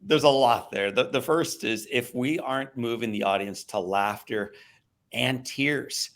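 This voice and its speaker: A middle-aged man from the American Midwest with a gravelly, fry-edged voice at an ordinary pitch. He tells his story with lively shifts, sinking to a hush for the tender parts and rising sharply for the punch lines. It sounds like a guest on a podcast. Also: measured pace. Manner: animated storyteller, acts out voices and swings from hushed to loud. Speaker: podcast guest, motivational speaker.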